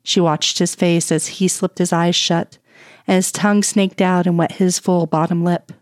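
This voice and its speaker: A woman reading romance fan fiction aloud, in a soft, even, intimate storytelling manner. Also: lowish voice, normal speed, dry recording, studio quality. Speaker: audiobook reader.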